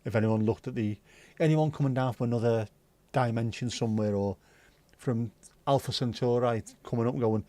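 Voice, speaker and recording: This man hosts a livestream in a Liverpool (Scouse) accent, keeping the chat casual, jokey and rambling. His medium-pitched voice is warm and fairly quick.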